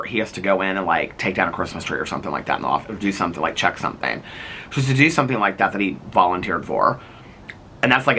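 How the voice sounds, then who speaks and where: A man in his fifties talks through his day in a loose, rambling vlog, often laughing as he goes. His voice sits low but swings widely in pitch, with a bright edge. A faint noise hangs behind him. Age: 50s. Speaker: vlogger. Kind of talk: casual chat.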